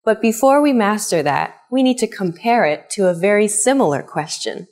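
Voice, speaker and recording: A young woman teaching an English lesson, speaking slowly and clearly and repeating each phrase for learners. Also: medium pitch, animated, darkish tone. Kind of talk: scripted language lesson.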